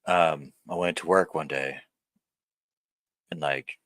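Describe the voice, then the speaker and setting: A man's voice: very deep voice, fairly even intonation, slow pace, a bit bright, no room sound. A man in his thirties talking to camera in a blunt, profane vlog rant that rambles and restarts. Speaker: vlogger. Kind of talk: candid personal vlog rant.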